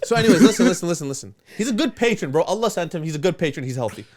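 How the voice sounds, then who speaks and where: Young man co-host, casual storytelling, cussing, slightly high voice. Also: rapid-fire. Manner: animated storyteller, swears often, laughs through lines. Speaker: podcast co-host.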